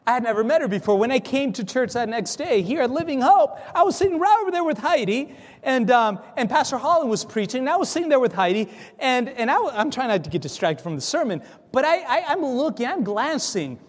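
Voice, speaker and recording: A man telling a story in a sermon, animated, acting out dialogue, with frequent stammering restarts. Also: very high-pitched, brisk, in a large hall. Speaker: preacher. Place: church.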